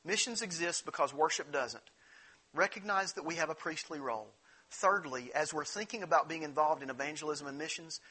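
A pastor preaches a sermon in an earnest, conversational way, frequently restarting his phrases. His voice is a little high, brisk and sharp in tone, and slightly rough.

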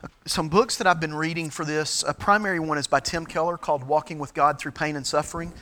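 A middle-aged man as a pastor, giving a sermon-style teaching talk, halting with frequent fillers and restarts. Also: on the high side, steady tone, bright, forceful tone, a little hiss or hum.

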